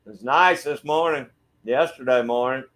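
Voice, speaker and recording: This is a middle-aged Georgia man, from the USA, with a Southern accent, talking at normal speed in a medium-pitched voice. He hosts a relaxed livestream in his backyard shed, reading viewer comments in casual chat and greeting people by name in a friendly, laid-back way.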